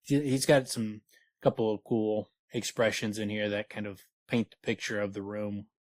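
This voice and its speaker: A man's voice: on the low side, little pitch movement, normal speed, no echo. A man co-hosting a podcast, chatting casually about a book and often reading passages aloud between fillers. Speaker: podcast co-host.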